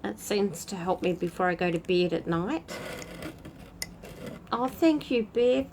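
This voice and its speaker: A woman's voice: fairly low pitch, animated, unhurried, long pauses, a little mellow, a little hiss or hum, poor audio. A woman hosting a casual livestream, chatting to viewers by name while sitting outside at night. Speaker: spiritual channel host. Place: outdoors at night in a breeze.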